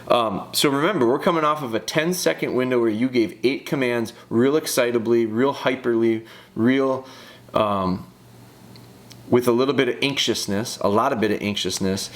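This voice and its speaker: Low-voiced man coaching through a video. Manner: direct, coaching, repeats phrases for emphasis. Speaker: dog trainer reviewing a video. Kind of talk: casual video breakdown commentary.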